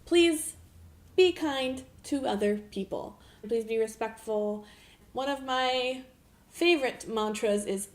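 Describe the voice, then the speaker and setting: A young woman vlogger telling a story in a casual, animated way, laughing often and saying "like" a lot. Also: a little high, slow pace. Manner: animated, with frequent laughs and filler "like".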